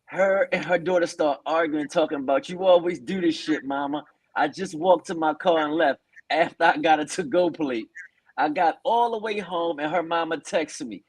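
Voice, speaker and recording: A man's voice: a little high, normal speed, breathy edge, no echo, low-quality recording. A man hosting a talk show, animatedly telling a listener's story and acting out the quotes. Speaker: podcast host.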